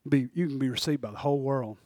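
A man preaching a folksy sermon, dropping to a hush and then building to shouts. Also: medium pitch, fast, no room sound. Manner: swings from hushed to shouting, folksy. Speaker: pastor.

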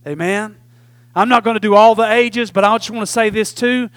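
High-voiced preacher asking "Amen?". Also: male voice, steady tone, brisk, a bit bright, smooth, no echo. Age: 40s. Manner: call-and-response preaching, repeatedly asking "Amen?"; folksy Southern phrasing with "y'all". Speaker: pastor. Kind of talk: sermon.

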